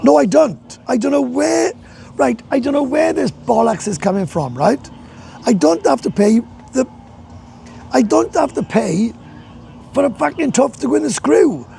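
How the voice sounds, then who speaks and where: A man's voice: very high voice, expressive, normal speed, creaky, mellow, a little hiss or hum. A Welsh man chatting on a casual live stream from a bar, rambling and swearing, laughing often. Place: bar in a hot tourist town.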